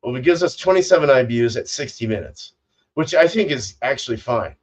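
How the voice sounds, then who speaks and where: A man hosting a homebrewing livestream chats casually, rambling and swearing as he goes. His mid-range voice is husky, expressive and fairly quick. A distant, dull lo-fi mic captures him.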